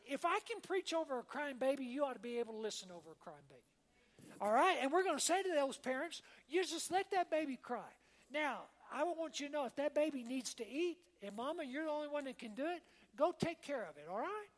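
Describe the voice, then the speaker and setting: Long reverb surrounds this woman pastor's high voice, suggesting a big church sanctuary. Preaching from the pulpit, she talks to her congregation in a warm, homey way and frequently checks in with "amen?" and "all right?".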